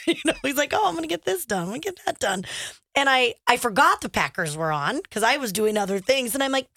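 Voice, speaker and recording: Animated woman co-host telling stories. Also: fairly low pitch, dry recording, studio quality. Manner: animated storyteller acting out quotes. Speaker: radio show co-host. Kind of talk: casual chat.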